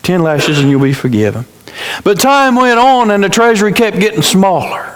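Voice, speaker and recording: A man's voice: sits high, big pitch swings, moderate pace. A male pastor preaching a sermon in a church sanctuary, telling a dramatic story, repeating phrases and restarting his words. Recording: reverberant church hall.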